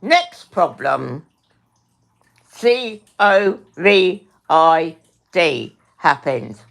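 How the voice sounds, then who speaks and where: A middle-aged woman on a home livestream, talking slowly and deliberately but heated throughout. She swears freely, repeats herself, and keeps turning to address her viewers by name. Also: low voice, big pitch swings, creaky, a bit bright. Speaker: livestream host. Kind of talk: angry livestream rant.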